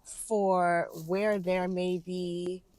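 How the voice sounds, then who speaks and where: Young woman podcast host, kinda low voice, super affirming and playful, easy chat vibe. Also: little pitch movement, extremely slow, darkish tone, no echo. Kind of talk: casual conversation.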